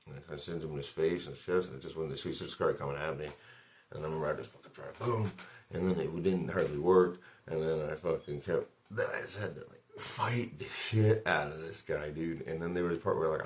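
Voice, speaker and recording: A man vlogger telling a long story in a loose, rambling way, swearing often and filling gaps with "like" and "dude". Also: rumbling low. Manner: rambling, profane, loose retelling full of fillers. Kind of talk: casual storytelling.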